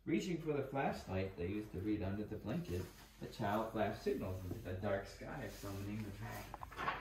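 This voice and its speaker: A man reading a children's bedtime storybook aloud to his toddler at home, reading gently and often breaking off to talk to the child and the dogs. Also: fairly low pitch, expressive, normal speed. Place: living room at home. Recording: echoey room, voice far from the mic, background noise.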